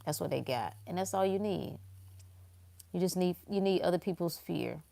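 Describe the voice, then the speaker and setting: Low gravelly woman, blunt and animated. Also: normal speed. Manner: blunt, animated, swings between loud and hushed. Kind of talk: casual spiritual talk.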